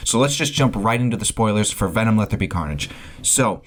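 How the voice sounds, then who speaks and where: A man's voice: fairly low pitch, lively intonation, a little fast, a bit bright. A man giving a casual spoiler review of a film, rambling as he goes, often repeating words and restarting sentences. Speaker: movie reviewer.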